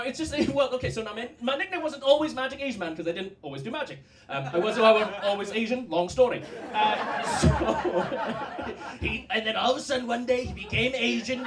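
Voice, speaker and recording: A man in his thirties with a Scottish accent, doing a loud, energetic, self-mocking stand-up set as a comedian and magician. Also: high voice. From Southern California, raised in Scotland. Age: 30s. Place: live comedy stage. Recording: noisy live stage recording.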